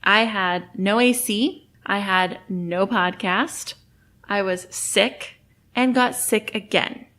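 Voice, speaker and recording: A woman's voice: medium pitch, slow, fairly bright tone. A young adult woman hosting a solo podcast, talking in a candid, encouraging way and laughing often. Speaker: podcast host.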